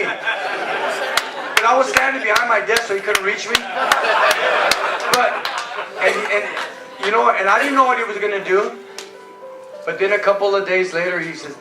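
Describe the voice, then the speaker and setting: High-voiced pastor preaching in an echoey hall. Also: male voice, normal speed, pauses often, over a noisy crowd. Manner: repetitive, storytelling with quoted dialogue. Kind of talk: preaching testimony to a congregation. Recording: roomy hall, mic far off, music behind.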